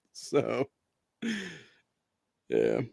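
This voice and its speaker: Extremely slowly, with wildly swooping pitch and vocal fry, a foul-mouthed, brash Ohio podcast host comments casually on the news, saying "dude" again and again. His mid-pitched voice is dark and mellow, captured dry and close with no echo.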